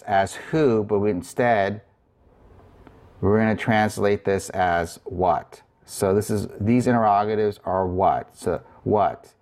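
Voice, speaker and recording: Slow, low-voiced man teaching grammar. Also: darkish tone. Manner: slow, deliberate explaining with frequent fillers and restarts. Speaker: Greek instructor. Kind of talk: recorded lecture.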